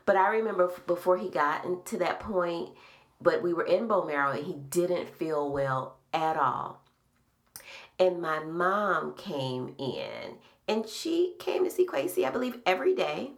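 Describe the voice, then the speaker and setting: A middle-aged woman hosting a podcast, telling personal memories in a slow, soft-spoken, reflective way. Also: lowish voice, big pitch swings. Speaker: podcast host. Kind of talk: casual heartfelt conversation.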